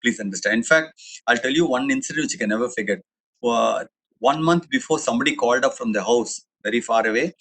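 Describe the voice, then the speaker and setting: A man's voice: medium pitch, fast, fairly bright tone, breathy edge, low-quality recording. A middle-aged man with an Indian English accent giving a chatty, digressive webinar talk, full of restarts and fillers. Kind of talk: anecdotal public talk.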